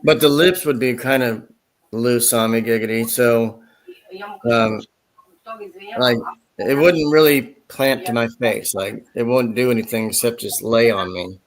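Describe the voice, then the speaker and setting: A man's voice: mid-range voice, a little slow. Rambling man in casual chat. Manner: rambling, laughs often, slips into voices. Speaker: host.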